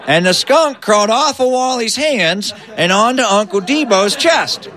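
Lively, high-voiced male storyteller. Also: normal speed, hardly any pauses. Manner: animated, building to punchlines. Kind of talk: told comic story.

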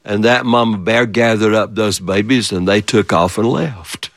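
A man storyteller telling a childhood story in an animated way, repeating phrases and turning to his listeners with playful questions. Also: lowish voice, normal speed, no room sound. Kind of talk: oral storytelling of a childhood memory.

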